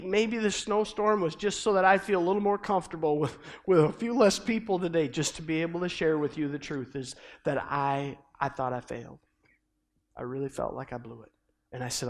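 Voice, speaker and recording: A middle-aged man preaching a sermon, telling a personal story in an earnest, halting way with many restarts, swinging between loud and hushed. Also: mid-range voice, creaky. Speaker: pastor.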